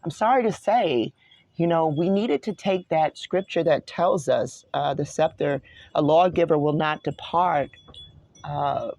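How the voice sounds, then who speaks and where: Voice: mid-range voice, measured pace, vocal fry, a little mellow, dry recording. A host in their mid-forties from New York, giving a solo study talk that wanders from one point to another. They stop often to correct themselves. The recording is dry and close, with no room sound. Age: 40s. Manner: rambling, digressive, self-correcting. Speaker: online show host.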